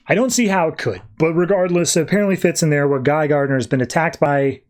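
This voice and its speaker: A man's voice: fairly high pitch, fast talker. A man hosting a podcast, recapping a comic book in a casual, rambling way. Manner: chatty, rambling. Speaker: podcast host.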